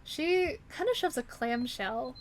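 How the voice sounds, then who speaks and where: A woman narrating a tabletop game as game master, laughing as she goes and pausing often. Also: high voice, animated, slight background noise.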